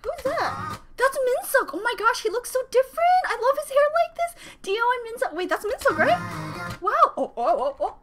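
High, bubbly woman gushing over a video. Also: a little fast. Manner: excitable, gushing exclamations. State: slightly out of breath. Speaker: reaction video host. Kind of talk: casual reaction commentary. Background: music video playing.

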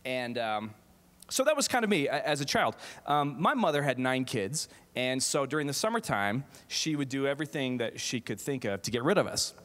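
A man's voice: medium pitch, very animated, moderate pace, a bit bright. A middle-aged man giving a humorous keynote as a theater professor, self-deprecating, with many fillers and restarts. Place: large auditorium. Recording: echoey hall reverb.

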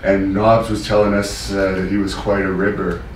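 A man hosting an interview, asking plain, steady questions. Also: low-pitched, moderate pace. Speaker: interview host. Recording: roomy, distant mic with faint noise.

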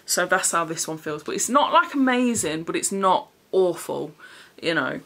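A woman's voice: lowish voice, animated, moderate pace, a bit bright. Chatty woman reviewing clothes. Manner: chatty, frank and swearing, with frequent "do you know what I mean". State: slightly out of breath. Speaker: fashion vlogger. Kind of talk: casual clothing try-on haul.

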